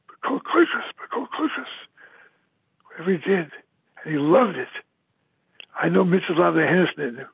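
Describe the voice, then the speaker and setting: A man's voice: fairly high pitch, creaky, husky, no echo. An older man giving a eulogy, emotional and emphatic, repeating his words often. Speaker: eulogy speaker. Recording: tinny phone-like, dry sound.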